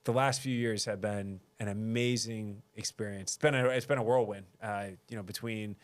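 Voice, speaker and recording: A man's voice: fairly low pitch, steady tone, normal speed. A man in his thirties, a mayor sitting as a guest, tells a personal story in a loose, conversational way. He pokes fun at himself and laughs easily. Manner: self-deprecating, laughs often. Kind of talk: casual interview storytelling.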